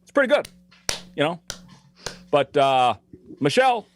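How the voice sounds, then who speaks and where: A man doing an impression of a calm male statesman, speaking in halting, drawn-out phrases. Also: on the high side, a little hiss or hum. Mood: teasing. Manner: halting pauses, drawn-out words, rising lilt.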